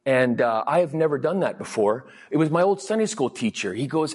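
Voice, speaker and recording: A man giving a conversational sermon as a guest preacher, telling chatty anecdotes and quoting people in lively voices. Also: fairly high pitch, fairly quick, few pauses, husky.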